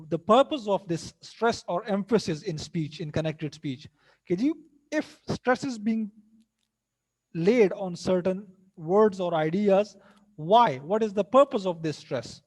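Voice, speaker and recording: Man, teacher, high pitch, repeats and rephrases, hesitant. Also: a little mellow. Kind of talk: lecture mixing English and Hindi.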